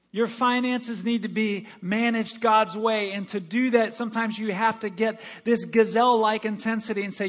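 Male pastor, high-pitched, emphatic sermon delivery with call-and-response. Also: fairly even intonation, moderate pace, a bit bright. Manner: emphatic, repeats phrases, calls for congregation responses.

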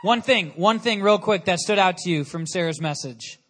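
A man with a bright, forceful, slightly high voice emceeing a youth service. He is upbeat and encouraging as he calls each speaker to the front. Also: moderate pace. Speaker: host calling up speakers.

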